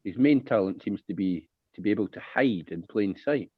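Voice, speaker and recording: A man's voice: on the low side, animated, moderate pace, slightly rough, no room sound. A Scottish man giving wry, opinionated takes on a political talk panel. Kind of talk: casual political chat. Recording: dry tinny phone-like line.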